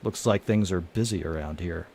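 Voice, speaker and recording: Brief: man reading a moping lovesick loner, low and dry, muttering. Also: moderate pace, creaky, a little mellow, a little hiss or hum. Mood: sulky. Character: heartbroken male drifter, dry and sulky.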